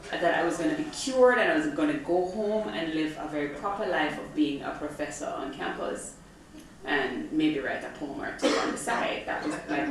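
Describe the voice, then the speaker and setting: A middle-aged woman reading from her memoir to a live audience, expressive and profane with comic timing. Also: deep voice. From Jamaica. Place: arts center event hall, audience present. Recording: echoey hall from far off, faint noise.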